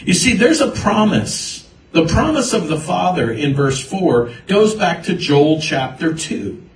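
A man's voice: sits high, measured pace, distant mic. Man preaching in an echoey church. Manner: storytelling, animated quoting of others. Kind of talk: sermon with personal testimony. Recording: roomy echo, voice from afar.

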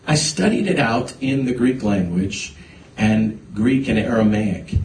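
Slow-talking preacher in an echoey hall. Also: male voice, mid-range voice, expressive, darkish tone, far from the mic, a little hiss or hum. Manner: halting, many restarts, builds to emphatic preaching. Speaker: pastor. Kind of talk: sermon with personal story.

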